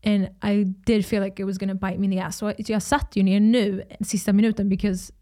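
Casting: hoarse young Swedish woman, casual host chat, salty and animated. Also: mid-range voice, fast talker. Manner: switches between English and Swedish, swears often, animated outbursts. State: hoarse from screaming. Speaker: podcast host.

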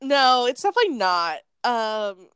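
Young woman podcast co-host, high and very lively pitch, dry close sound, talkative storyteller. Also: normal speed, smooth, no echo. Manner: animated storyteller, heavy use of "like", acts out quotes. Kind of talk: casual podcast chat.

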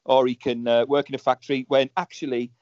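A man in easy, joking conversation. He keeps stumbling into restarts and fillers as he goes. His voice sits at an ordinary pitch, and it comes through a dull, dry, somewhat lo-fi recording. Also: flat delivery, fast, darkish tone, dry recording. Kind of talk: casual chat. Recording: dull, slightly lo-fi dry sound.

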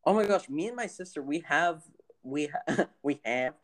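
A woman's voice: low-pitched, animated, normal speed. A woman co-hosting a casual podcast, telling a rambling story with lots of restarts. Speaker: podcast co-host. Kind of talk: casual chat.

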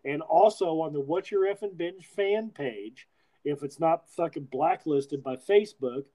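A man's voice: on the high side, unhurried, dark tone, low-quality recording. A man hosting a podcast in casual chat, rambling with frequent restarts and swearing freely. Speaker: podcast host.

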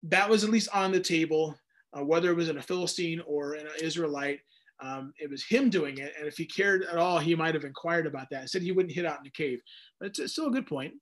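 High-voiced man teaching a Bible study. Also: fast talker, fairly bright tone. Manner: conversational, self-deprecating, with frequent restarts. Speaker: pastor.

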